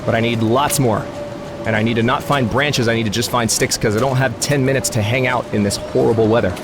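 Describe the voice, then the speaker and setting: A man's voice: mid-range voice, fairly even intonation, brisk, background noise. A man hosting a let's play, rambling through gaming commentary and grumbling at the game in exasperated asides. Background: game music.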